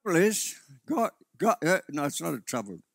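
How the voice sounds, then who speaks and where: Male pastor, gravelly, earnest sermon delivery, restarts mid-sentence. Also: a little high, very animated, moderate pace, no echo, studio quality. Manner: earnest preaching with frequent restarts. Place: church.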